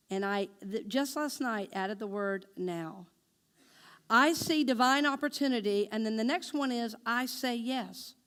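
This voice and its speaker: Woman minister giving a sermon, high voice, asks the congregation questions, says affirmations slow and deliberate. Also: a bit bright, smooth. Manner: engaging the congregation with call-and-response questions.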